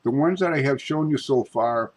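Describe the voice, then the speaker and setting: A man demonstrating ghost box apps, talking in a halting way with many restarts and calling out politely to spirits. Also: medium pitch, poor audio. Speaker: paranormal investigator.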